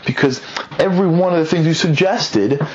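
A man's voice: fairly high pitch, moderate pace, dull audio, pitched above the performer's own voice, close to an everyday voice. A man voicing a scheming, boastful male villain who talks in a smug, gloating way.

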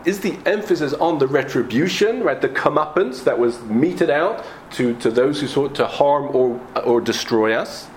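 A man's voice: medium pitch, a little hiss or hum. A man giving a Talmud lecture, explaining step by step, rising to questions and often restarting phrases. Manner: animated, rising to questions, frequent restarts and coughs. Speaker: Torah teacher.

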